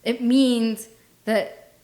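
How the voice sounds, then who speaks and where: A woman's voice: fairly high pitch, level tone, very slow, darkish tone. A woman in her forties co-hosting a podcast in casual comedic chat, self-deprecating and laughing often as she tells stories. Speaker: podcast co-host.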